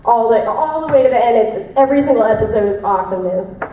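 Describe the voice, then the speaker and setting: Bubbly young woman voice actress on a convention panel; rambly and giggly, slightly high voice, recorded from afar in an echoey room. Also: expressive, fast talker, mellow. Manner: bubbly, laughing, rambling with many fillers. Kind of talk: convention Q&A answers. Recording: echoey convention room, distant, faint noise.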